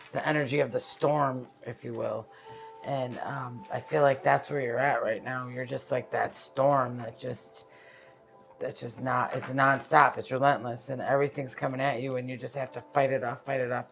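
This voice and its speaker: A man giving a live-streamed tarot reading, halting and searching for words as he explains the cards. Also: medium pitch, creaky. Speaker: tarot card reader.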